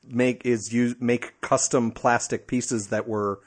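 A man's voice: mid-range voice, fairly even intonation, slow pace. Teasing male podcast co-host. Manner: teasing, explains at length with hesitations. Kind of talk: casual chat.

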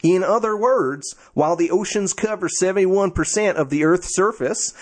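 A man's voice: sits high, moderate pace, pitched above the performer's own voice. A man putting on a Southern American accent while reading out a science article in a drawling voice. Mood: mock-folksy. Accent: put-on American Southern.

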